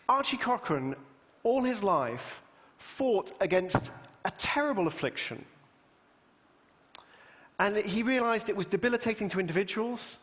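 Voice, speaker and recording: A fairly high-voiced man tells a story to an audience, lively and dryly funny, with the odd "uh". His voice rings out across a big hall with a long echo. The sound is a bit muffled. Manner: lively storyteller, dry humor, occasional fillers. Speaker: public speaker.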